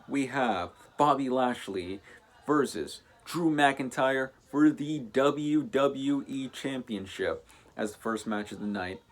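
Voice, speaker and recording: A man hosting a casual wrestling show review, talking in a rambling way and often correcting himself. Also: medium pitch. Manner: rambling, self-correcting, many fillers. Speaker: host.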